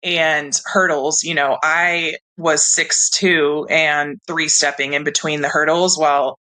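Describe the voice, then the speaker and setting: A woman's voice: low-pitched, takes it slowly, poor audio. A woman from California, a guest in her thirties, telling stories in a casual interview with many "um"s and "like"s. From San Diego, California. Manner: animated, chatty, many fillers like "um" and "like". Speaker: guest, professional volleyball player.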